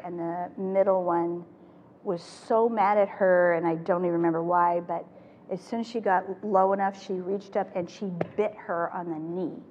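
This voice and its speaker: An older woman presenting a parenting workshop to a live audience, talking in an animated way and acting out the phrases she quotes. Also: on the low side, highs cut off. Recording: echoey hall with faint noise.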